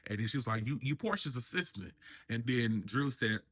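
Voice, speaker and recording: A man's voice: mid-range voice, expressive, brisk, fairly bright tone, breathy edge. A man hosting a casual reality TV review, chatting and acting out the cast members' lines in raised voices. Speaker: reality TV commentary host.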